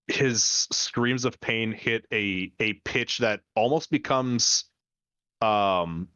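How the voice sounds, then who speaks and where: A man narrating as dungeon master of a tabletop game, descriptive and halting, with many fillers. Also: fairly low pitch, fairly bright tone, no room sound, dull audio.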